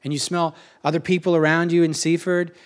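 A middle-aged man in a casual spoken monologue, rambling and emotional, with quick asides and a lot of repetition. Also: a little high, little pitch movement, clear, resonant tone.

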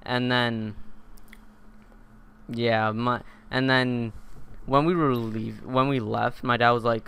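A man's voice: medium pitch, little pitch movement, slow pace, a bit bright, smooth. A teenage boy hosting a podcast, telling a long story in a casual, rambling way with lots of fillers and restarts. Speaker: podcast host.

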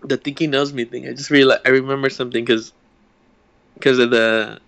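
A man's voice: medium pitch, fairly even intonation, a little fast, creaky, fairly bright tone, dry recording. A young man co-hosting a podcast, telling a story in a rambling way, swearing freely and acting out the quotes. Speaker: podcast co-host. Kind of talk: casual chat, storytelling.

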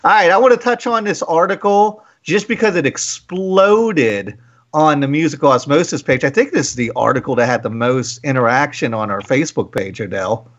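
Man, radio host, lively swooping voice, a bit high, dull lo-fi sound. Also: moderate pace. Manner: animated storytelling, slips into quoted voices. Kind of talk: casual radio talk.

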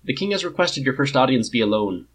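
A man voicing a brisk, formal knight who captains a king's guard. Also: medium pitch, very animated, husky, voice pushed up.

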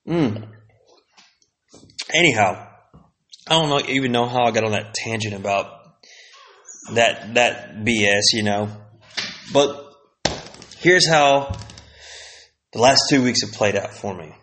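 A man in his thirties talks on his solo podcast in a loose, rambling way, full of swearing, slang and fillers. His voice sits at an everyday middle pitch. He drifts from tangent to tangent like a friend chatting. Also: takes it slowly, pauses often, fairly bright tone. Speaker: podcast host.

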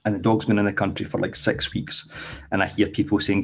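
Male podcast host and dog trainer, low voice, casual, stumbles and restarts, ends points with "okay?". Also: flat delivery, a little fast, gravelly, husky. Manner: tags nearly every point with "okay?". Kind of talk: casual explanatory podcast talk.

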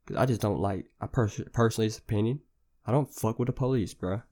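A man's voice: lowish voice, quick pace, a little mellow. A young man hosting a podcast, telling a rambling story in casual, slang-heavy, profane talk. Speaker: podcast host.

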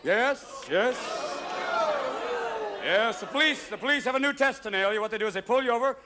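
A man doing a manic stand-up routine on a theater stage, switching voices rapidly. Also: very high voice, heavy background noise. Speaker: stand-up comedian. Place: theater stage before a live audience. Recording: live concert recording with loud crowd laughter. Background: audience laughing.

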